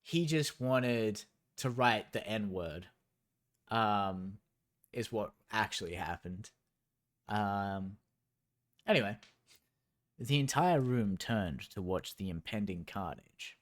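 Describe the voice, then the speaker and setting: A man's voice: lowish voice, slow pace, long pauses. A man streaming a book reading, breaking off into sarcastic, rambling asides. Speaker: streamer reading a novel aloud. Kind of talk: reading aloud with sarcastic commentary.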